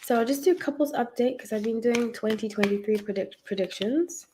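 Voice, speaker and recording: A woman's voice: a little high, brisk, noisy background. A woman hosting a casual tarot livestream from home, chatting with viewers and greeting them by name between rambling asides.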